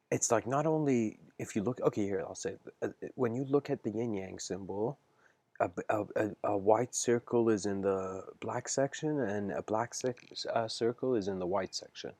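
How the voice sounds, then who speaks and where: A man's voice: fairly low pitch, dark tone, dry recording. A man giving an improvised philosophical lecture on a livestream, searching for words, restarting phrases and checking in with his listeners. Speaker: spiritual lecturer.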